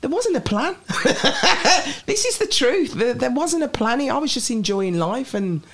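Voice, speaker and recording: A woman with a Birmingham accent, chatting lively and laughing easily as an interview guest. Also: high voice, unhurried. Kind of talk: casual chat.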